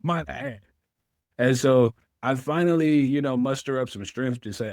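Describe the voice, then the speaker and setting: A man's voice: mid-range voice, a little slow, darkish tone, no echo, studio quality. A man, a veteran guest telling his story in an interview, acting out his own past words.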